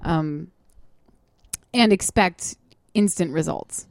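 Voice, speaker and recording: A woman co-hosting a casual chat show, rambling and animated and mimicking other people for laughs. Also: lowish voice, takes it slowly, gravelly, no room sound. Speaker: podcast co-host. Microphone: studio microphone.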